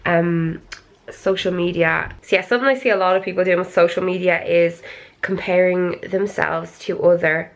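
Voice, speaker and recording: A woman's voice: on the low side, creaky. A woman vlogging to camera at home at night, chatty and confiding, rambling through asides. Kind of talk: casual chat to camera.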